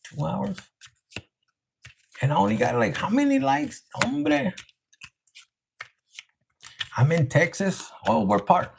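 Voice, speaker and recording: Raspy, higher-voiced man reading tarot live. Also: sing-song, takes it slowly, long pauses, slight background noise. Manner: crude, joking, chatty, sprinkles Spanish words; talks to live chat viewers. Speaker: tarot reader, live-stream host.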